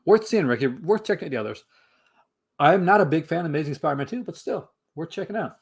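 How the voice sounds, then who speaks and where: A man's voice: fairly high pitch, animated, fast, creaky, husky. Male livestream host, casual and rambling, answering his chat. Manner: rambling, many fillers and restarts.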